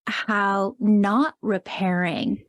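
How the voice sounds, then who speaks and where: An upbeat, enthusiastic woman hosts a podcast interview. Her middle-pitched voice is recorded dry and close. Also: fairly even intonation, extremely slow, no room sound. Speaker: podcast host.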